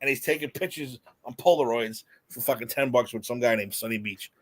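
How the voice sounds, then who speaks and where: A man in casual podcast chat who rambles, laughs often and restarts his sentences. His voice sits at an ordinary middle pitch for a man. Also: brisk. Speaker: podcast co-host.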